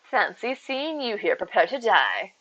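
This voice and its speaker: A woman putting on a smug, menacing movie villain voice, slow and mock-sinister. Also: mid-range voice, big pitch swings, pushed and bright, full character voice. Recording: slightly dull stream audio with faint music.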